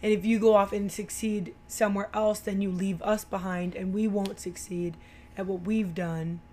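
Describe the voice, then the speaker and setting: A woman's voice: medium pitch, fairly even intonation, moderate pace, darkish tone. A woman chatting casually about a movie she watched, retelling scenes and quoting the characters' lines. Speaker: movie commentator. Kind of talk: casual movie recap chat.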